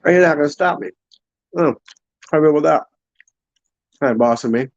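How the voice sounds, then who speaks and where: Chewing and sipping through a casual livestream, the host rambles and laughs frequently, sometimes speaking with his mouth full. His gravelly voice is fairly high and moves at a moderate pace, and the recording has its highs cut off.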